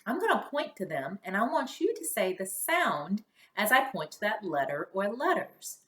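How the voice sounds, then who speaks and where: A woman teaching a kindergarten phonics lesson, sounding out letters slowly and cheering the children on. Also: medium pitch, echoey room. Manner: slow, exaggerated sound-by-sound modeling with lively praise.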